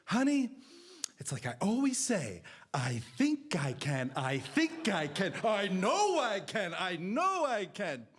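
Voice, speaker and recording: A man voicing his doting middle-aged mother, using a sweet, high, sing-song tone of reassurance. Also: huge pitch swings, slow, fairly bright tone, a little hiss or hum, heavily acted. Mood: encouraging.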